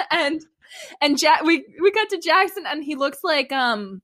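A woman with a fairly high voice chats casually on a podcast, giggling through her recap. Her talk is loose and full of fillers. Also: expressive, unhurried, fairly bright tone. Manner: giggly, laughs often while recapping. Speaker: podcast co-host.

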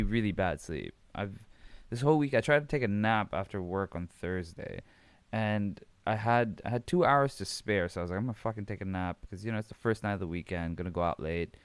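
Man, podcast host, casual rambling chat, profane, low smooth voice, dry close mic. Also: no echo. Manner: rambling, profane, laughs often. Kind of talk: casual wrestling recap chat.

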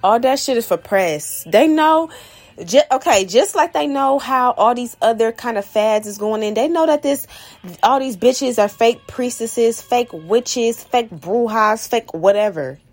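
A woman's voice: a little high, animated, a little slow, darkish tone, soft background music. A woman podcast host, ranting bluntly and profanely in a heated monologue.

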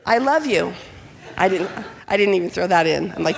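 A middle-aged woman pastor telling a personal story in a sermon, animated and acting out the voices of the people in it. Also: fairly low pitch, normal speed, gravelly, background noise. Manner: animated, acts out quoted voices. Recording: long hall reverb.

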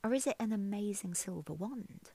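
A woman's voice: mid-range voice, lively intonation, moderate pace, warm tone, slightly rough. A woman voicing a bold, teasing ragged heroine. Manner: challenging, teasing questions. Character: bold, cheeky young woman in rags.

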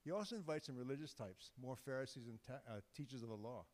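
A man delivers a sermon in an easygoing, joking way, often breaking off and restarting his phrases. His voice sits at an ordinary middle pitch. The sound rings out with the long reverb of a large church sanctuary. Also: lively intonation, quick pace, a little mellow. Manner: informal, joking, conversational with restarts. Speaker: guest preacher.

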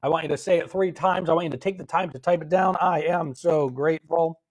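A man hosting a live-streamed gratitude session on a phone, gently coaching viewers and answering their comments. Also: sits high, fairly even intonation, very fast.

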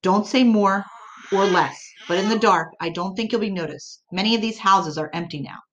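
A woman's voice: medium pitch, moderate pace, highs cut off, slight background noise, close to an everyday voice. A woman reading a stern, whispering father. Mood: urgent. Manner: hushed urgent instructions.

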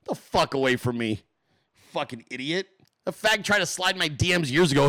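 A man's voice: on the high side, lively intonation, moderate pace, pushed and bright. A man hosting a livestream of political commentary, ranting with profane sarcasm and throwing mocking questions at his audience. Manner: asks the audience rhetorical questions. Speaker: political commentator, show host.

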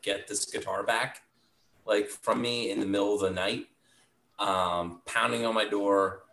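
Low, bright-toned man, rambling casual storyteller, echoey room. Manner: rambling, heavy on "like" fillers.

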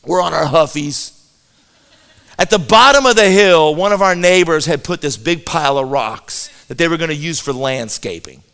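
A man telling a comic story to an audience in an animated way, often repeating a word as he starts a sentence. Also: on the high side.

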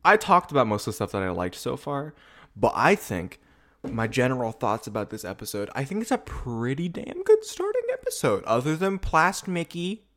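A man's voice: medium pitch, huge pitch swings, moderate pace, fairly bright tone. A man in his twenties hosting a casual rewatch video, rambling, swearing and laughing often as he talks. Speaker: video podcast host. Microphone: camera setup.

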